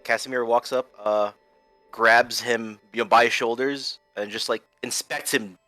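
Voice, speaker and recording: A man's voice: medium pitch, steady tone, unhurried, pushed and bright, no room sound, faint music behind. A man playing a tabletop game, explaining his character's actions in a rambling, filler-heavy way. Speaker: player. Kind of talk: casual table talk.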